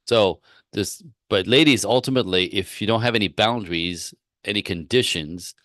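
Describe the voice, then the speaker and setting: A man's voice: on the low side, moderate pace, fairly bright tone, no echo, studio quality. A man coaching women on relationships in a live-stream talk, blunt and emphatic, often repeating himself and acting out both sides of conversations. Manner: acts out both sides of dialogue.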